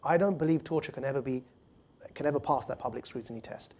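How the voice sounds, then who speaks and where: A man, an author and guest speaker, answering audience questions at a public talk in an earnest, fluent way, with quick restarts. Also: medium pitch, darkish tone, slightly rough.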